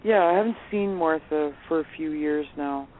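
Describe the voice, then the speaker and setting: A woman telling lively anecdotes as a phone-in guest, laughing often as she talks. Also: sits low, moderate pace. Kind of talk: casual storytelling on a phone interview. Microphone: telephone. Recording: tinny phone line with faint hiss.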